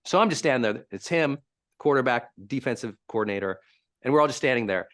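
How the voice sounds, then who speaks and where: Animated man coaching with lively pitch. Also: fast talker. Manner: animated, emphatic storytelling. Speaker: high-performance coach. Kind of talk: live teaching talk.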